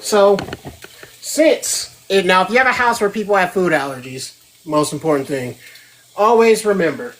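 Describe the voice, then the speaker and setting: A woman's voice: fairly low pitch, expressive, normal speed, slight background noise. A woman hosting a casual live cooking demo from her home kitchen, chatty and checking in with her viewers as she goes. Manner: chatty, keeps checking in with 'right?'. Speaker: host of a home cooking show.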